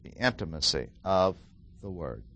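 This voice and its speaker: A middle-aged man teaching through a Bible passage, deliberately repeating key phrases and stressing single words. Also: deep voice, sing-song, gravelly, a bit bright, highs cut off. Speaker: preacher.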